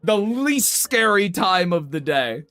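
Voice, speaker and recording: A young man streaming, chatting casually with his viewers in an animated, playful, mock-indignant way. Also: high voice, slow pace, faint music behind.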